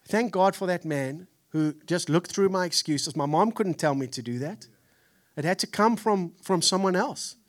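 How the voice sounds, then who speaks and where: High-voiced pastor telling stories. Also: male voice, moderate pace. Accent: Texan. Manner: animated storytelling, acts out family voices. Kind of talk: sermon with personal stories.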